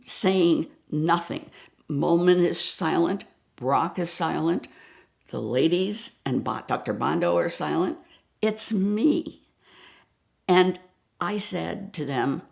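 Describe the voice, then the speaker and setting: An older woman from the New York area tells a story with a fair bit of gravel in her fairly low voice. She acts out every character and drops to a hush at the tense moments. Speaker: guest storyteller. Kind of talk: animated anecdote telling.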